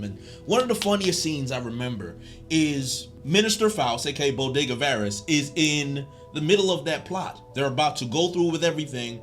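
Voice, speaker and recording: A man giving a casual commentary recap as a video essayist, animated and joking, with a slangy way of talking. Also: fairly high pitch, moderate pace, faint music behind.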